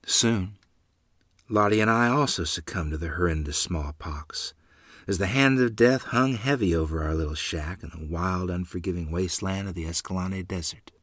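A man narrating a first-person memoir in an earnest, measured storytelling manner. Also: low voice, fairly bright tone, breathy edge, no room sound, clean studio sound.

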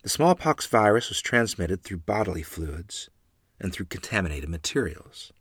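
A man narrating a first-person memoir in an earnest, measured storytelling manner. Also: low voice, big pitch swings, a bit bright, husky, dry recording, studio quality.

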